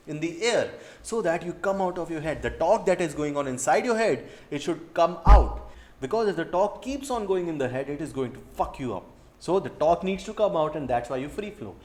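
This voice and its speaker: A man's voice: fairly high pitch, a little mellow, roomy sound. A young man with an Indian English accent who coaches dating and talks over field footage, blunt and profane and fond of repeating key phrases.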